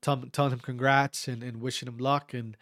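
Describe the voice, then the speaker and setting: A man with a mid-range voice, speaking a little fast, casually describes his own amateur fight. Animated, he stammers, restarts frequently, swears freely, and acts out others' words. The audio is studio quality with no echo.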